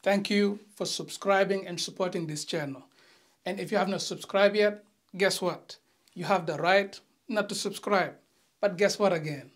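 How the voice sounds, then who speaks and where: In an online lesson, a language teacher speaks directly to viewers with light teasing, reading example sentences slowly and carefully. The voice is medium-pitched and steady in tone.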